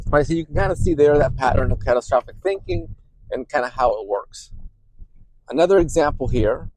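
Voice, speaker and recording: A man's voice: mid-range voice, brisk, a little hiss or hum. A man working as a therapist hosts a podcast, explaining ideas in a conversational way and often checking in with "right?". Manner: grows quieter and softer when describing intuition.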